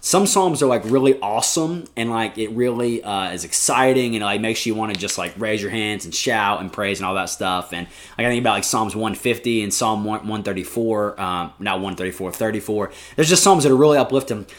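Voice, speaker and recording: A man, a youth pastor, giving a casual, energetic devotional talk to high school students with lots of fillers. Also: brisk, few pauses.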